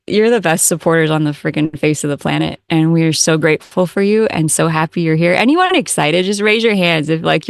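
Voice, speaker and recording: A woman with a lowish, gravelly voice talks in an effusive, excitable rush to people on a live online call. She fills her talk with filler words and mild swearing. Her studio mic sounds close and dry. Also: no echo. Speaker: co-host of an online energy-clearing event. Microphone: studio microphone.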